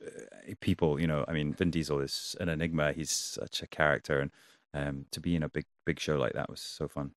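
Deep-voiced man, halting and laughing. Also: level tone, no echo, clean studio sound. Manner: halting, restarts sentences, laughs often. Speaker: actor guest. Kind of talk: casual interview chat.

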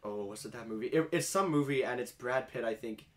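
A man's voice: medium pitch, a little fast. A young man hosting a casual podcast, rambling through anecdotes with easy laughter and many fillers. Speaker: podcast host. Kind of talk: casual chat.

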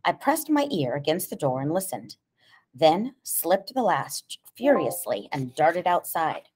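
A woman narrates a novel in the first person, in a low, measured voice. Her telling is quiet and steady, sometimes dropping nearly to a whisper. It is audiobook reading. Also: slight background noise.

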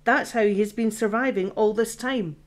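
A woman's voice: on the high side, normal speed, lightly acted. A woman voicing a frightened male artificial intelligence who pleads and blurts out in exasperation, in an audiobook.

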